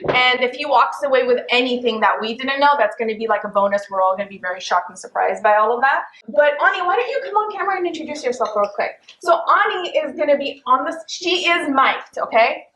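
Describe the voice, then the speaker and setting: A woman's voice: sits high, animated, fast talker, hardly any pauses, sharp tone, roomy sound, low-quality recording. A woman hosting a casual chat show from a home dining table, playful and sarcastic, laughing often. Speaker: host.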